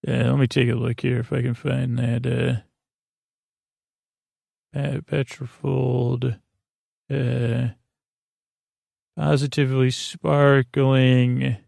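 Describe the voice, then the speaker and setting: A man recapping a show as a drowsy bedtime story, his gravelly voice staying flat and level with hardly any rise or fall. He stops and starts, filling gaps with pauses, and the dry, close sound carries no room echo. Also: medium pitch. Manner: halting, with frequent filler pauses. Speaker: podcast host. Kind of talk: rambling sleep-story episode recap.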